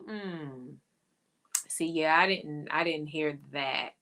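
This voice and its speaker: A woman's voice: sits low, takes it slowly, bright, forceful tone. A woman in her thirties co-hosting a casual chat, talking loosely with many fillers and restarts and laughing often. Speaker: podcast co-host. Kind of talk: casual chat reviewing a reality show.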